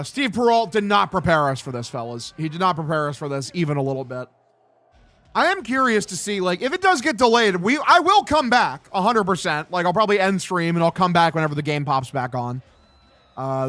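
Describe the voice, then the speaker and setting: A man's voice: a little high, expressive, a little fast, a bit bright. A young man streaming casual play-by-play of a baseball game, chatting and reading viewer comments with a casual, profane manner. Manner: casual, profane, reads chat aloud.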